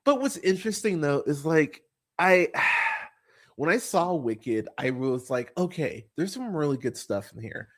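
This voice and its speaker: A man's voice: fairly high pitch, expressive, measured pace, fairly bright tone. Profane rambling podcast host, a man. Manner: blunt, profane, rambling with many fillers. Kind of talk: casual podcast chat.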